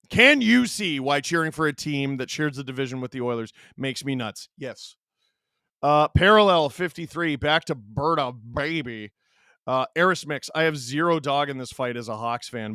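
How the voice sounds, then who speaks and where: A man in his thirties hosting a stream, reading chat aloud and telling stories in an animated, casual way. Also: fairly high pitch, normal speed, clean tone, no room sound, clean studio sound. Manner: animated storyteller, reads chat aloud, laughs often.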